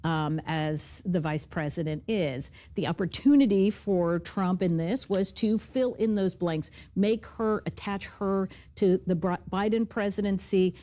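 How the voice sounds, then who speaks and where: Measured, lower-voiced woman analyst. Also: mellow. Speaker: political analyst. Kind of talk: news panel analysis.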